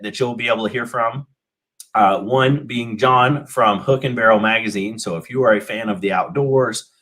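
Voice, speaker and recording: A man's voice: medium pitch, fairly bright tone. A man hosting a local radio talk show, slightly out of breath, rambling with many fillers and restarts. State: a little out of breath. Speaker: host.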